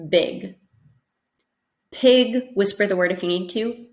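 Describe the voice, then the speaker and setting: A woman with an American accent teaching pronunciation, demonstrating sounds slowly and checking in with listeners. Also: medium pitch, echoey room. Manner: patient, repeats sounds slowly and checks in with "okay?". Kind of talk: instructional lesson.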